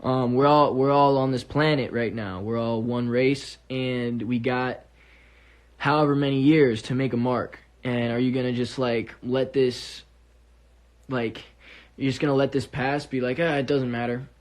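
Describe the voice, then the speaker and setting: A man's voice: mid-range voice, fairly even intonation, unhurried. Earnest young man rambling to fans. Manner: earnest, rambling with many fillers and restarts. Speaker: musician talking to fans on a livestream. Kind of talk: casual heartfelt monologue. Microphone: phone or webcam on a livestream.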